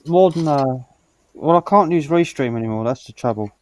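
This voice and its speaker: A man's voice: fairly high pitch, expressive, darkish tone, a little hiss or hum. Hesitant man chatting on stream. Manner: halting, hesitant, many fillers. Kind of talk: casual banter.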